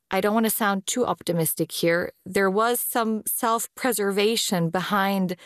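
A woman speaking as a space law official in an interview, explaining in a deliberate way with pauses between phrases. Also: on the low side, no room sound, studio quality. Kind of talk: measured explanatory interview talk. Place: based in Vienna.

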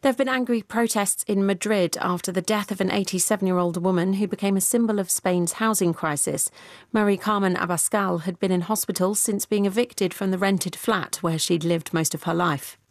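A woman's voice: medium pitch, no echo, clean studio sound. Woman reading a radio news bulletin. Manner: measured, even delivery. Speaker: newsreader. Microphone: studio microphone.

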